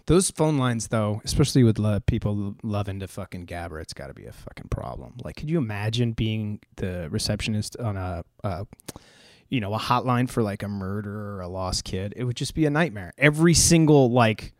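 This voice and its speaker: An American man with a fairly low voice rambles through the news in a casual, profane, joking way, full of fillers and restarts. His intonation is lively and his pace a little fast, captured in a dry, studio-quality recording.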